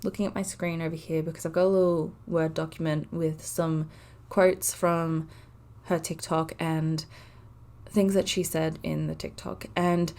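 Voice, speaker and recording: A woman's voice: low voice, little pitch movement, a little slow, darkish tone. A woman in her twenties hosting a casual solo podcast, talking earnestly and from the heart with frequent "like" fillers. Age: 20s. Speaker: podcast host.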